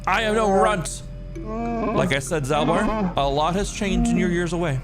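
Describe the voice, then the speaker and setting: A man's voice: high voice, measured pace, loud music behind the voice. A man reading aloud as a pompous Wookiee chieftain. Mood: haughty. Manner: pompous, boastful, dismissive. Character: arrogant scheming male Wookiee chieftain. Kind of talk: reading game dialogue aloud in character.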